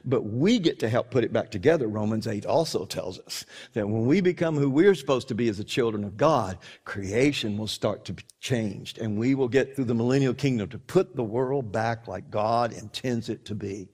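A man's voice: mid-range voice, moderate pace, darkish tone, slightly rough. A man preaching a sermon in an earnest, conversational way, often restarting his sentences.

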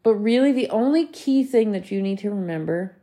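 A woman's voice: medium pitch, expressive, a little fast, warm tone. A woman in her thirties hosting her own podcast, talking earnestly and emphatically to listeners, repeating key phrases and swearing casually. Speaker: podcast host. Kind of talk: motivational solo podcast talk.

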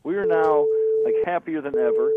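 A man's voice: fairly high pitch, normal speed, heavy background noise. A middle-aged man, a guest musician, talking casually in an interview with a laid-back, slangy manner. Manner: laid-back, slangy, animated when joking. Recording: tinny phone line.

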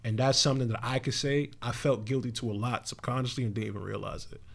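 A man's voice: mid-range voice, fast talker, gravelly. A young man co-hosting a podcast, talking in a laid-back, slangy way with lots of fillers. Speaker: podcast co-host. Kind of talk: casual chat.

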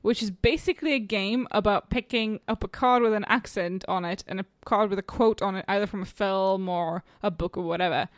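A woman's voice: mid-range voice, a little fast, few pauses, dry recording, clean studio sound. A woman co-hosting a podcast in casual chat, chatty and self-deprecating, laughing often. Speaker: podcast co-host.

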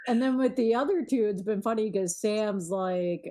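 Woman, thirties, casual podcast chat, storytelling, middle pitch, acts out her kids. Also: normal speed, hardly any pauses, warm tone. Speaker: podcast co-host.

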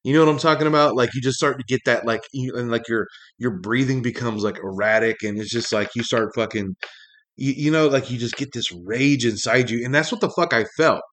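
Male talk host, average pitch, ranting and swearing freely, rambling with constant fillers. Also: a little fast, fairly bright tone. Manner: rambling, heavy swearing, many fillers, pitch jumps when angry. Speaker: podcast host. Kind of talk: profane ranting monologue.

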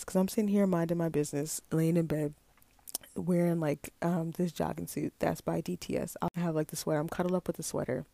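A woman in her late twenties chats through a storytime, rambling and stacked with fillers. Her voice is gravelly and warm, with a mellow dark tone. The sound is dry and close. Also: fairly low pitch, no room sound. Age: late 20s. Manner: chatty, rambling with many fillers. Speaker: vlogger. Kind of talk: casual storytime chat.

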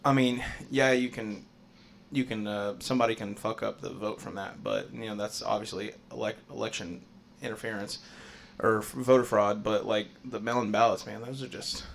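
A man's voice: lowish voice, steady tone, normal speed, creaky, slight background noise. A man co-hosting a podcast in casual banter, rambling, laughing often and making crude jokes. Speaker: podcast co-host.

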